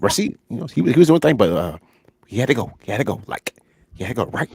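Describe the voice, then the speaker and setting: A man doing an impression of an upbeat, evasive football coach who greets everyone warmly and dodges questions with stock phrases. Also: medium pitch, sing-song, quick pace, creaky, husky, dry recording, studio quality, exaggerated voice.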